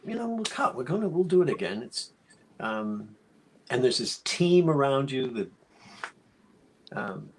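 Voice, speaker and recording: A man actor on a festival panel, telling a story in an animated way with many fillers. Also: mid-range voice, creaky, slight background noise. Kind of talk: panel discussion.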